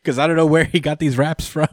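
A man's voice: fairly high pitch, brisk, no room sound. A man co-hosting a casual comic book podcast, recapping the story in a loose, rambling way. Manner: relaxed, rambling, acts out characters with put-on voices and laughs.

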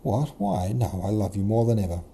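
A man voicing a gentle young princess who speaks earnestly and firmly. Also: lowish voice, animated, brisk, vocal fry, breathy edge, exaggerated voice. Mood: comforting. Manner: soft, earnest, resolute.

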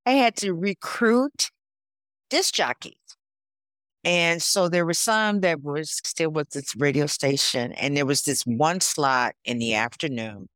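A woman in her sixties from Chicago, a guest on a podcast, telling stories in a casual, animated way. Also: deep voice, unhurried, dry recording. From Chicago, USA. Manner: storytelling, animated, laughs often. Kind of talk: casual interview chat.

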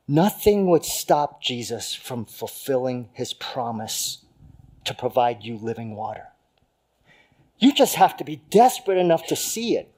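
A male pastor giving a conversational sermon, swinging from loud emphasis to hushed lines. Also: medium pitch, very animated, a little slow.

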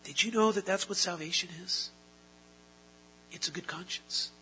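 A pastor delivering an earnest sermon in a high, piercingly bright voice. He poses rhetorical questions to the congregation and climbs into loud, forceful passages. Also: moderate pace, a little hiss or hum, rough recording. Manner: earnest preaching, rising to loud emphatic stretches; asks the audience rhetorical questions. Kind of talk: expository sermon.

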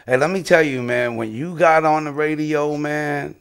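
A man hosting his podcast in loose, excitable conversation, quick to cut in with shout-outs and reactions. His voice sits fairly high for a man and sounds smooth and clear. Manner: excitable, gives loud shout-outs, frequent "wow". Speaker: podcast host. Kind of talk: casual interview chat.

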